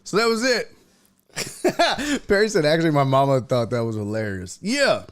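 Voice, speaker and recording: A man's voice: medium pitch, very animated, moderate pace, smooth. A man hosting a sports talk livestream, chatting casually in a rambling, profane way and laughing often. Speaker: sports show host.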